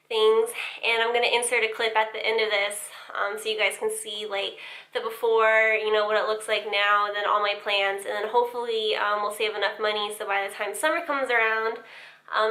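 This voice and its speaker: A young woman chats casually in a vlog about her sewing space, filling her speech with "um" and "like." Her medium-pitched voice has a sharp tone, and she films indoors at home and in an empty basement, where the room sounds echoey.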